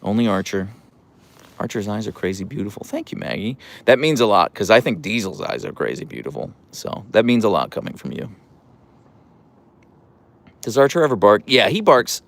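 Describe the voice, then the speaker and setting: A man's voice: sing-song, normal speed, gravelly. A man chatting casually on a live stream about his dog, rambling and self-deprecating. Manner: high cooing baby talk to his dog.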